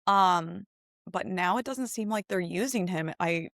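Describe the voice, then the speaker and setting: A woman's voice: lowish voice, gravelly, fairly bright tone, no echo, studio quality. A young woman co-hosting a podcast in casual chat, talkative and laughing often as she gossips. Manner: chatty, laughing, quick to gossip. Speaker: podcast co-host.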